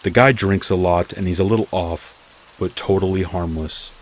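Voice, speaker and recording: Chill homeowner guy, fast and offhand, deep voice, soft rain hiss, man voicing him. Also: steady tone, lightly acted. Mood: reassuring. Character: easygoing man reassuring a house sitter.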